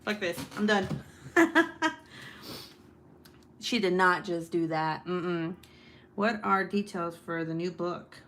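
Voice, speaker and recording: A woman around thirty hosting a casual live stream, talking loudly with plenty of swearing and laughter. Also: lowish voice, slow pace, long pauses. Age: 30s. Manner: loud and profane, laughing often. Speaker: host.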